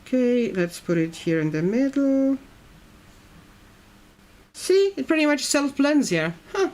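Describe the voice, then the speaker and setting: A woman's voice: high-pitched, sing-song, slow, darkish tone. A woman streaming while she colors, chatting casually and reading her viewers' comments aloud. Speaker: coloring livestreamer. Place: at home in Brazil.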